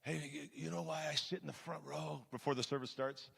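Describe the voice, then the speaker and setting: Man doing a terse, hushed mob-style heavy, gravelly and low, reverb trailing off. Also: fairly even intonation, brisk, heavily acted. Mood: low menace. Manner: low, quiet, clipped delivery. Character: hulking intimidating middle-aged man, soft-spoken and terse.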